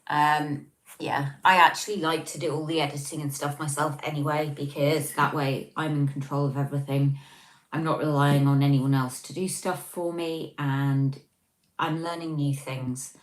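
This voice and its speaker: Woman, livestream host, low voice, casual chat, self-mocking, filler ums, echoey room. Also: flat delivery, moderate pace. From Scotland.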